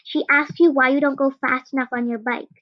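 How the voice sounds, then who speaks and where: A teenage girl quoting an obsessive, possessive shy girl in a flat, insistent voice. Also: sits high, a little fast, no room sound, dull audio, lightly acted.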